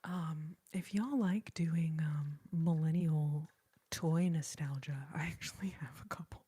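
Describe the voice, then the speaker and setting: A woman chats with her live audience in a soft ASMR whisper. Her voice is breathy and mellow and sits a little low. She talks slowly and easily. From Texas. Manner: soft, chatty, unhurried whispering. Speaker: ASMR host.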